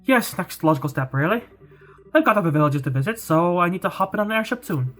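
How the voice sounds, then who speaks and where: A woman's voice: on the low side, animated, quick pace. A woman voicing a playful, easygoing young male priest in a wobbly put-on Scottish accent, over faint game music. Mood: breezy.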